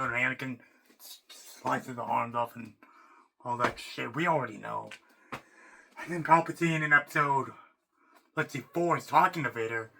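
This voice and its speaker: A man ranting off the cuff as a fan, rambling and excitable, restarting sentences and swearing casually. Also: mid-range voice, vocal fry, a little hiss or hum. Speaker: YouTuber. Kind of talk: unscripted fan rant.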